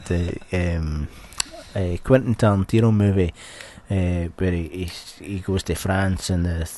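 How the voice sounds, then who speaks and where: A man's voice: low-pitched, fairly even intonation, unhurried, mellow, slight background noise. A young Scottish man co-hosting a casual podcast, swearing a lot and telling stories with laughs. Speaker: podcast co-host. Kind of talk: casual chat.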